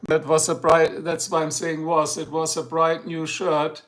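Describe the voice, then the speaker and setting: A middle-aged native German speaker with a German accent hosts a casual livestream, rambling, joking, and addressing chatters by name. His voice is on the high side, monotone, and unhurried.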